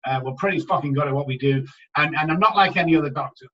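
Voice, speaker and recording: A man's voice: fairly high pitch, fast talker, a bit bright, distant mic, muffled recording. Blunt swearing man. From England. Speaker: addiction recovery doctor. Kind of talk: casual interview talk.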